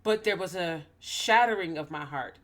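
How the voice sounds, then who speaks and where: A woman speaking earnestly and emotionally, fighting back tears as she opens up to her listeners. Her voice sits a little low for a woman. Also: normal speed. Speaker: ministry host. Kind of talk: personal talk to camera.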